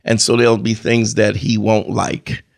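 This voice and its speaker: A man's voice: on the low side, little pitch movement, normal speed, gravelly. A man talking as a podcast guest in casual, opinionated chat, emphatic and prone to repeating himself and restarting phrases.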